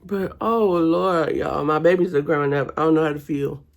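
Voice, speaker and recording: Low voiced girl chatting thru her makeup, keeps saying y'all. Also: moderate pace, gravelly. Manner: chatty, addresses viewers as y'all. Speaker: vlogger. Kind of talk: casual chat while doing makeup. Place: home.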